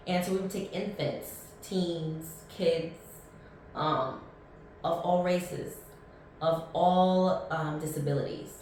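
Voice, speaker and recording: A woman's voice: low-pitched, a little hiss or hum. Chatty woman podcaster in an echoey room. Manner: rambling and chatty, many ums and restarts, blunt. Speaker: podcast host. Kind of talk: casual solo podcast chat. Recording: echoey room, mic at a distance.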